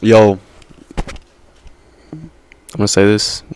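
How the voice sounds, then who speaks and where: A man's voice: on the low side, expressive, extremely slow, darkish tone, slight background noise. A young man vlogging in a casual, rambling monologue, peppered with slang and "right?" checks.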